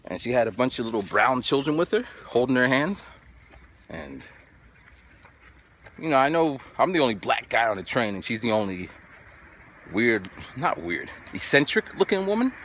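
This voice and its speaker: This forties-aged vlogger spins a lively anecdote for the camera, voicing other people's lines and leaning on "so then" again and again. He talks at a normal speed in a mid-range voice, pausing often.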